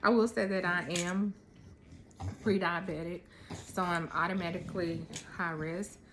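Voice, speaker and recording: A woman in her thirties talking casually to camera at home, relaxed and rambling with lots of ums. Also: fairly low pitch, a little slow, background noise. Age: 30s. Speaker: vlogger. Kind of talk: casual chat.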